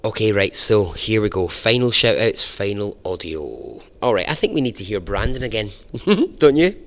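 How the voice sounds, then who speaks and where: A man's voice: on the low side, sing-song, moderate pace, a little hiss or hum. A man hosting a storytelling podcast, chatty and informal, with casual swearing. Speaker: podcast host.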